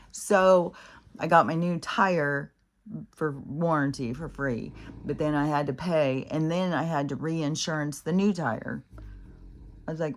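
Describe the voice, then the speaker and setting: A woman's voice: low-pitched, unhurried. A woman telling a rambling, exasperated story in a casual vlog, swearing freely and using many fillers. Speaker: vlogger.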